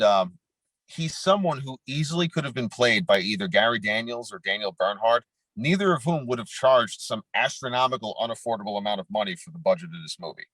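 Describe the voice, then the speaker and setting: A man's voice: lowish voice, a bit bright, no room sound, poor audio. A man from New York co-hosting a podcast, ranting bluntly and profanely in casual chat about a film's plot. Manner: blunt, profane, rants with film and game detail. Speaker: podcast co-host.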